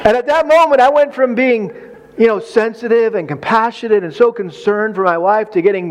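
Man, high voice, sermon, animated storyteller, acts out his reactions. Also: brisk. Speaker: pastor.

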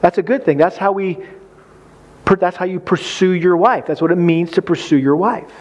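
Male preacher, high voice, chatty and humorous, slightly muffled sound. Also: normal speed. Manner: conversational, folksy, with acted-out quotes and humor. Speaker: preacher speaking on marriage. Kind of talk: sermon.

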